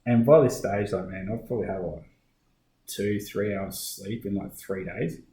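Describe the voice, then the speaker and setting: A man's voice: lowish voice, normal speed, warm tone, echoey room, poor audio. A middle-aged Australian police officer with an Australian accent, telling his story in a casual podcast interview, full of fillers and restarts.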